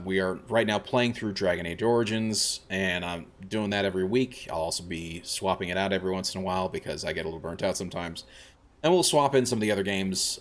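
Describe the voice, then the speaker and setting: A man streaming a video game, chatting casually in a rambling way with many fillers and laughing at himself. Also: low-pitched. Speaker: variety streamer. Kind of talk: casual gameplay commentary.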